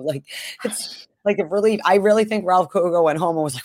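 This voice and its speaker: A woman from the Buffalo area co-hosting a casual sports podcast, talking in a rambling, animated way with frequent laughs and the odd swear word. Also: fairly low pitch, a little fast, dry recording, studio quality. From Buffalo area, USA. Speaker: podcast co-host.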